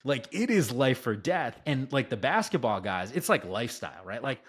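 A man's voice: mid-range voice, sing-song, moderate pace, husky. A man, a sports broadcaster, tells stories as a podcast guest in an enthusiastic, rambling way, full of "like" and "right?". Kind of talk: casual podcast storytelling.

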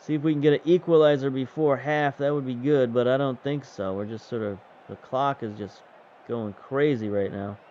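Male gaming host, relaxed play-by-play, dry humor; muffled home recording. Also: mid-range voice, moderate pace, a little hiss or hum. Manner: wry, chatty, self-mocking. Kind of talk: casual play-by-play game commentary.

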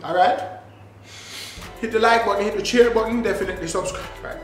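A Jamaican man with a high voice delivers mock-outraged comic commentary in heavy patois. He is recorded in an echoey room with faint music underneath. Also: fairly even intonation, fairly quick. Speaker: reaction video host. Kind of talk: comedic reaction commentary.

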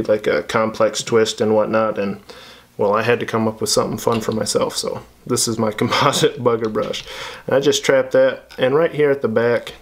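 A man teaching fly tying at his bench in a relaxed, chatty way, with many fillers and restarts. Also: lowish voice. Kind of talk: casual tutorial narration.

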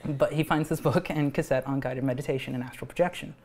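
Animated, rambling man pitching his cartoon. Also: fast. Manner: rambling and animated, laughs often, many restarts. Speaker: animator and show creator. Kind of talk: pitching a cartoon at a live event. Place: live event venue.

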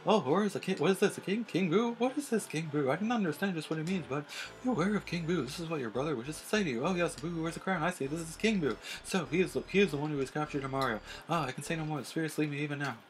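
A man's voice: fairly high pitch, fast, a little hiss or hum, pitched above the performer's own voice, natural voice. A man voicing a theatrical female ghost fortune teller who chants grandly at her crystal orb, in a video game let's play. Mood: mystic. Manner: melodramatic, incantatory.

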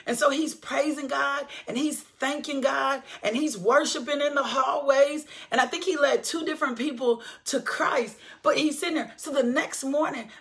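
A middle-aged woman hosts her show and shares an emotional faith testimony. Her voice sits high, and she repeats her lines in a preaching rhythm that builds toward shouts. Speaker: podcast host.

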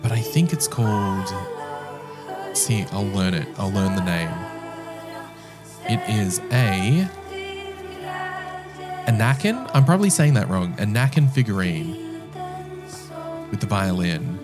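A man with a low voice talks through a game in a loose, rambling way. He teases himself and chats to the characters on screen, and his pitch swings widely. Faint music plays beneath him. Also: animated, takes it slowly, pauses often. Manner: rambling, self-mocking, chatty with game characters. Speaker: gameplay commentator. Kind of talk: casual let's-play commentary.

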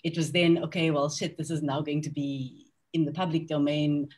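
A woman's voice: deep voice, flat delivery, moderate pace, a little mellow, slightly rough. A woman author on a panel discussion, speaking candidly and reflectively about her novel, with frequent ums and restarts. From South Africa.

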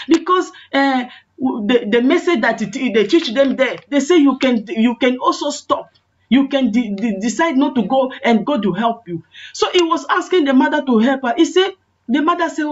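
A woman's voice: fairly high pitch, animated, unhurried. A woman evangelist preaching a sermon, telling a testimony with acted quotes and impassioned, repetitive calls in prayer. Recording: muffled lo-fi online call audio.

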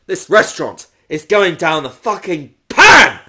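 A man's voice: medium pitch, lively intonation, slow, sharp tone, breathy edge, exaggerated voice. A man putting on the voice of a foul-mouthed, furious celebrity chef, swearing and sighing while commenting on a game. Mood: ranting. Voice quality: constant swearing, exasperated sighs. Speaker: gamer doing a parody voice. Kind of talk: comedic gameplay commentary.

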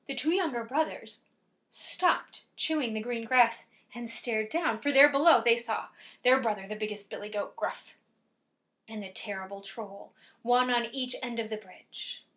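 A woman storyteller telling a folk tale to families, dramatic, swelling loud and dropping soft. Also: fairly high pitch. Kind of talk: lively oral storytelling for families.

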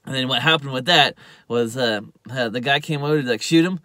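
This TV reviewer walks through an episode in a relaxed, meandering way, slightly fast, full of "uh"s and "you know"s, raising his volume and pitch to act out lines. The sound is dry.

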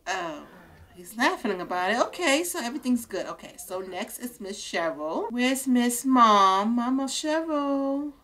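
An excitable woman narrating her life-sim game session, gushing and laughing. Her voice sits high and swoops widely, and she talks at an unhurried pace. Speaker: gaming creator. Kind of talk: let's play commentary.

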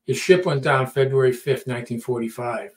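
A man's voice: mid-range voice, brisk. A middle-aged man telling a story in casual talk, acting out quotes and often repeating words. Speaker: podcast storyteller.

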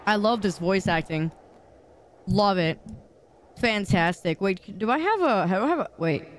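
A woman's voice: mid-range voice, animated, normal speed. A woman streamer giving playful, goofy commentary while playing a game. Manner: playful, goofy, repetitive exclamations.

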